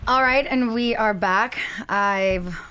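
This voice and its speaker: A woman's voice: medium pitch, slow, pushed and bright, clean tone. A woman hosting a podcast, chatting casually in a bubbly, talkative way. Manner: bubbly, chatty, laughs often. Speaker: podcast host. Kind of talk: casual chat.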